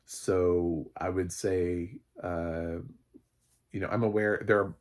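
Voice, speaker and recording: A man's voice: low voice, fairly even intonation, slow. A man, a film critic, giving a casual spoken review, rambling with many fillers and restarts, and swearing now and then.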